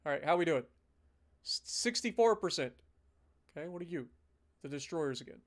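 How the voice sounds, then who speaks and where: A man giving casual, animated live commentary as he plays a strategy game, ranting now and then in mock outrage. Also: a little high, moderate pace. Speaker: gaming streamer.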